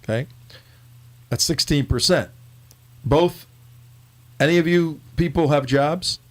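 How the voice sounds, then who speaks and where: A man hosting a casual political talk show, joking and animated. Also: fairly high pitch, takes it slowly. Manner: joking, animated, talks over co-host.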